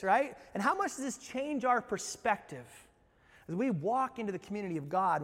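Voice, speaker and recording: A man with a high voice preaches a sermon, animated and full of rhetorical questions. He acts out what people say. His voice rings with a long hall reverb. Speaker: pastor.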